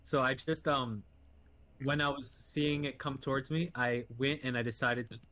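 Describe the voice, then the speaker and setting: A man's voice: medium pitch, steady tone, moderate pace, bright, forceful tone. A man playing a tabletop game who keeps asking to confirm the rules. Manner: checks rules with many questions. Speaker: player.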